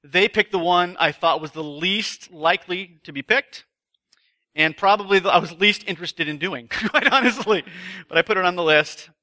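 Guy giving a sermon at a retreat, chatty, pokes fun at himself, really bright tense tone. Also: high-pitched, moderate pace. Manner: self-deprecating, chatty storyteller. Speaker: retreat speaker. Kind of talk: sermon with a humorous personal story. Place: live talk before an audience.

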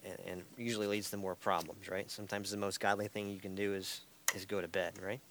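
A man with a lowish voice leads a Bible class in a church room. He teaches conversationally and keeps checking in with "right?" and a soft chuckle. A faint hiss sits under the recording. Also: little pitch movement, brisk. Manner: tags points with "right?" and light chuckles.

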